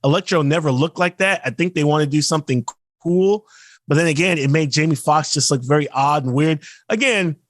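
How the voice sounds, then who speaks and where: A man's voice: fairly high pitch, no echo. A man co-hosting a podcast, ranting in casual chat and slipping into mocking put-on quotes. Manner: ranting, animated, mocks actors in quick put-on quotes. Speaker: podcast co-host.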